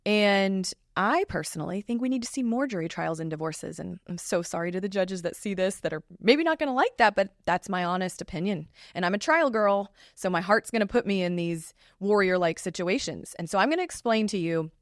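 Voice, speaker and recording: A woman's voice: medium pitch, a little fast, hardly any pauses, no room sound. Chatty woman attorney, dry sound. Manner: chatty and animated, with lively asides. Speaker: family law attorney and podcast host. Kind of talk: casual solo podcast talk.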